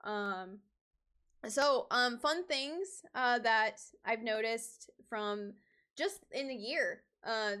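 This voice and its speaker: A woman's voice: a little high, bright, forceful tone, smooth. A woman cosplayer chatting casually on her stream, rambling, with many fillers and restarts.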